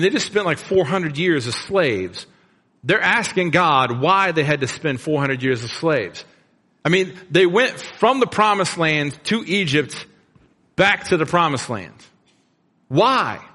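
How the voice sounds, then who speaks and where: A man's voice: fairly high pitch, pushed and bright. A middle-aged man preaching a sermon as a pastor, retelling the story in a casual, conversational way with plain slang. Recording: long reverb of a large room.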